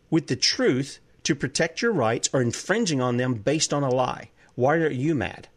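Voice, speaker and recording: A man's voice: medium pitch, animated, unhurried. A man hosting a talk show, delivering an impassioned political monologue full of heated rhetorical questions. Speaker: host.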